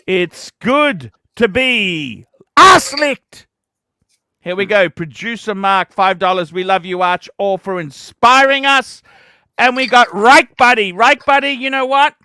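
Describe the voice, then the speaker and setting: A man hosting a livestream, ranting profanely and breaking into shouts. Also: sits high, slow, clean tone, no echo, studio quality. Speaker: livestream host.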